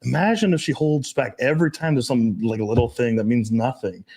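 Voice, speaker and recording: A man hosting a podcast in casual chat, telling stories in a crude, profane, animated way. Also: medium pitch, fairly quick, slightly rough. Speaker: podcast host.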